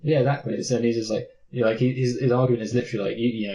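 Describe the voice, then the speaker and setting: A man's voice: mid-range voice, steady tone, very fast, hardly any pauses, mellow, lo-fi sound. A man with a Mancunian accent, co-hosting a casual movie review chat, rambling and self-mocking. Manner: rambling, self-mocking, slips into silly put-on voices. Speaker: podcast co-host.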